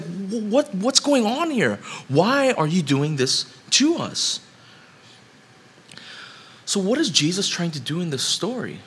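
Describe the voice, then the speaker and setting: A man's voice: on the high side, a bit bright, husky. A man preaching a sermon, building up to emphatic rhetorical questions.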